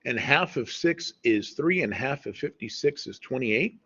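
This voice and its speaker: A man with a husky, slightly breathy voice walks through math problems in a relaxed, conversational tone, checking in with "okay?" as he goes. The audio is dull and lo-fi, like a home screen recording. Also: mid-range voice, a little slow. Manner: conversational, says "y'all" and "okay?" often. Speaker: math teacher.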